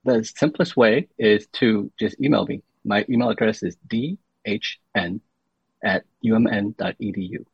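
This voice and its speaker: In a casual podcast interview, a university senior fellow explains patiently, with many restarts. His lowish voice carries vocal fry and slight roughness at a moderate pace, with no room sound on the dull, lo-fi recording.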